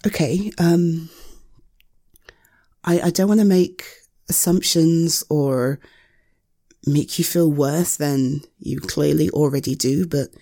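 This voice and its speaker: A young woman in a one-sided audio role-play as a caring partner, gentle and soothing with hesitant pauses, close to the mic. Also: sits low, no echo.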